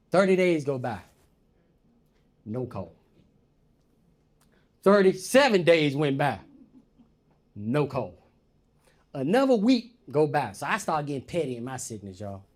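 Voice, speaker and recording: A man tells a stand-up story from a live comedy stage, calling the audience y'all. His voice sits a bit high and leaps up and down all through the telling. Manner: animated, addresses the audience as y'all.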